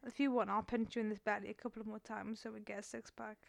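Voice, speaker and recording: A woman's voice: medium pitch, little pitch movement, quick pace, vocal fry, crowd noise. A woman co-hosting a casual home podcast from her sofa, playful and teasing but tired. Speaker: podcast co-host. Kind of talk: casual chat. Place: home living room, on a sofa. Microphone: close mic.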